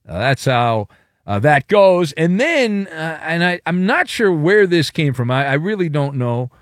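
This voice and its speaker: A man's voice: fairly high pitch, very animated, unhurried, dry recording. A man hosting a late-night sports radio show in a studio, talking in a playful, theatrical, rambling way.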